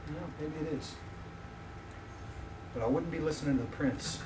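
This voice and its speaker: Middle-aged guy preaching a sermon, high voice, jokey, sounds a bit far off with faint room noise. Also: moderate pace. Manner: animated, joking with the audience. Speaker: visiting professor preaching. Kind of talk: sermon with personal storytelling. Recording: echoey room, mic heard from a distance.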